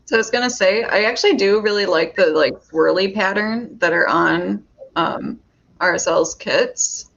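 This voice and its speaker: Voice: mid-range voice, moderate pace, gravelly, fairly bright tone, highs cut off. A speaker on a video call who talks through the team's defending and shooting in a casual, analytical way. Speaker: soccer supporters' group member. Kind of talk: casual watch-party chat.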